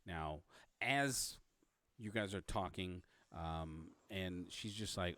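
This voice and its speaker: A man narrating a tabletop game as game master, halting, with many fillers and restarts. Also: deep voice, no echo.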